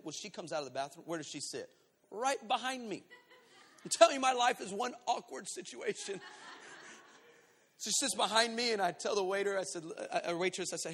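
A man pastor preaching a storytelling sermon, animated and acting out voices, swinging between shouts and hushed asides. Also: sits high, fast talker. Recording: long hall reverb.

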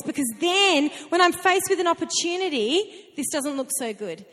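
A woman preaching a sermon in a conversational, animated way, with laughing asides. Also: very high-pitched, moderate pace. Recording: long reverb of a hall.

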